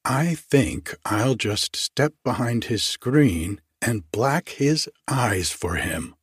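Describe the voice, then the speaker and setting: Man putting on a hot-headed old office clerk, blustery and combative, husky and slow, low gruff storybook voice. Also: lively intonation, dry recording, clean studio sound. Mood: belligerent. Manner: blustering, belligerent. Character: choleric red-faced elderly male scrivener.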